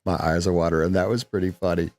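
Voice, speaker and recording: A man's voice: sits low, fairly even intonation, fast talker, darkish tone, no room sound. A man hosting a live trading stream, talking in a casual, playful, jokey way with lots of emphasis.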